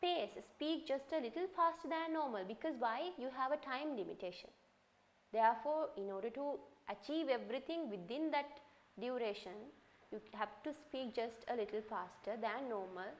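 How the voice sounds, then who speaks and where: Higher-voiced woman lecturing students. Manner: instructive, often ends points with a checking "right?"; repeats and restarts phrases while explaining. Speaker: university English lecturer. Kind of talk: classroom lecture on presentation skills.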